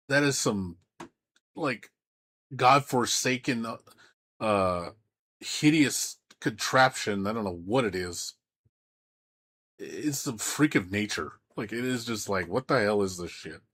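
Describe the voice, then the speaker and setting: Husky-voiced man ranting on stream. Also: on the low side, animated, measured pace, long pauses, fairly bright tone. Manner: profane, heated, stammering restarts. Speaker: game streamer. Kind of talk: live-stream rant.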